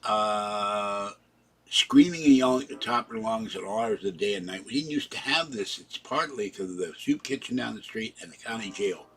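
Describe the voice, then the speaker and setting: A man's voice: lowish voice, normal speed, husky. A man telling a long, rambling personal story in a casual vlog, recounting events in the present tense. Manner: breaks off to talk softly to his cats. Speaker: vlogger.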